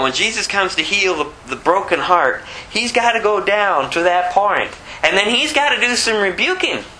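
A man preaching an expository sermon, shifting from slow, low scripture reading to emphatic, repeated rebukes. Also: sharp tone, a little hiss or hum, rough recording. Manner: repeats phrases for emphasis, chuckles at his own points.

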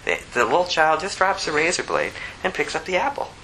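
A man's voice: big pitch swings, fairly quick, sharp tone, slight background noise, low-quality recording. A man preaching a sermon, his voice rising sharply when he gets emphatic. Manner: impassioned, pitch climbing sharply when emphatic.

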